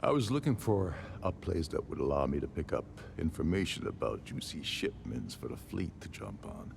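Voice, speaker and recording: A man's voice: sits low, wildly swooping pitch, vocal fry, background noise, heavily acted. An actor playing a sardonic older man, a jailed former ship captain, in game dialogue. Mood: wry resigned. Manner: wry, sardonic, measured. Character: older male jailed ex-captain, dry and resigned.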